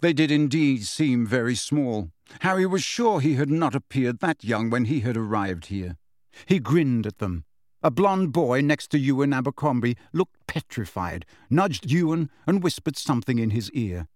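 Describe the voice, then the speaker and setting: Male audiobook narrator, steady, measured, dry studio sound, medium pitch. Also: no room sound. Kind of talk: scripted storybook narration.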